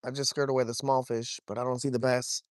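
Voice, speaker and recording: A young man, talking to his chat while wading and fishing, swearing freely and getting excited over a fish. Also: mid-range voice, quick pace, no echo, clean studio sound. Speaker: fishing vlogger. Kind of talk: casual vlog narration while wading. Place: outdoors, wading in a shallow creek.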